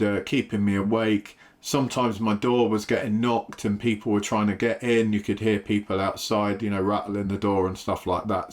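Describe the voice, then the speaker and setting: A man with an English accent giving a casual, rambling travel talk to camera, full of fillers. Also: fairly low pitch. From England. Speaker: travel vlogger.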